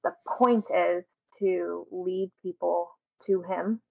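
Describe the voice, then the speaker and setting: A woman and author, a guest on a remote call, talking earnestly about faith in a soft, sincere way. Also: lowish voice, fairly even intonation, slow, vocal fry, dry recording, narrow, tinny audio. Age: adult with a daughter. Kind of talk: remote interview conversation. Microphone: headphones on a call.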